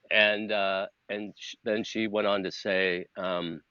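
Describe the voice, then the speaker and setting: A man's voice: lowish voice, takes it slowly, hardly any pauses, smooth, no echo. A middle-aged man, a podcast guest, telling a story in casual talk, acting out quoted dialogue and turning earnest and emotional. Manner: animated, acts out quoted dialogue. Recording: dull, dry lo-fi audio.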